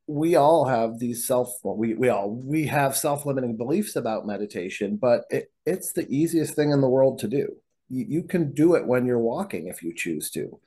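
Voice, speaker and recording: Man, mellow husky voice, podcast guest, reflective, explanatory. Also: mid-range voice. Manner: reflective, explanatory, with frequent fillers. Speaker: physician guest. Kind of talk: conversational podcast interview.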